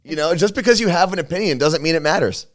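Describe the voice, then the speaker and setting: A man co-hosting a casual talk show, chatting in relaxed, rambling thoughts. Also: fairly high pitch, quick pace. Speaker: radio and podcast co-host. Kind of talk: casual chat. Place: studio.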